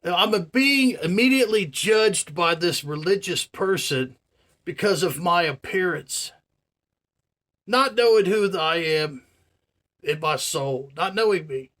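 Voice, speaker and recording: A man on a vlog spins a story and slides into a profane rant, checking in with his viewers as he goes. His voice sits a bit on the high side. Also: expressive, measured pace, fairly bright tone. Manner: profane, ranting, addresses viewers directly. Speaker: vlogger. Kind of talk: casual storytelling rant to camera.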